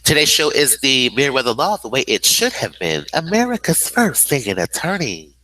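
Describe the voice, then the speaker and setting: A man's voice: mid-range voice, very animated, moderate pace, bright, forceful tone, no echo, low-quality recording. Rambling man hosting his own show. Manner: rambling, spells out letters and acronyms. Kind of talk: free-associating monologue.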